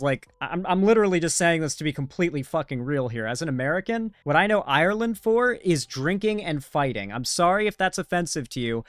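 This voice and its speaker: A man's voice: on the high side, a bit bright, clean tone, dry recording. A man hosting a reaction commentary show who talks in a sarcastic, profane, mocking way. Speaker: commentary host.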